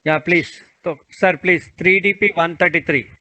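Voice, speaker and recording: Bright-voiced man moderating a video call. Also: on the high side, moderate pace. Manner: repeats calls and requests patiently. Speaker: webinar moderator. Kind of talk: moderating an online session. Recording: dull, muffled video call audio.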